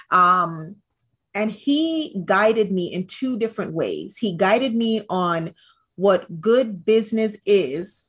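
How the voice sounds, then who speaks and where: A woman guest on an interview podcast, telling stories in an animated, expressive way. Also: on the low side, slightly rough. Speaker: interview guest, brand strategist. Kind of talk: casual interview.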